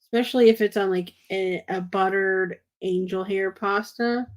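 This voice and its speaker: A woman's voice: mid-range voice, steady tone, moderate pace. Chatty woman from Texas. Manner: chatty storyteller, giggly. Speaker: co-host. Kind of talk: casual chat.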